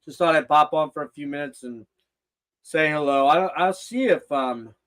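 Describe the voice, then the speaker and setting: A man's voice: fairly high pitch, normal speed, a bit bright. An older man hosting a casual livestream, rambling and swearing with loose laughter. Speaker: host.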